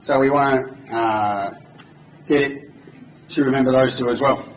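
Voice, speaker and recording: A man's voice: mid-range voice, fairly even intonation, a little slow, a little hiss or hum. Man giving a joking live demo talk. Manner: informal and joking. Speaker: conference speaker. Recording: echoey hall from far off.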